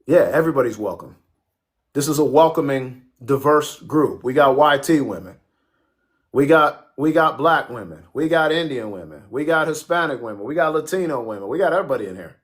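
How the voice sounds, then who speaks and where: A male livestream host chatting loosely with his viewers. He jokes, swears freely and talks back to comments as they arrive, in an easygoing, mid-pitched voice. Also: expressive, fairly quick. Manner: profane, joking, reacts to chat. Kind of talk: casual livestream chat reading comments.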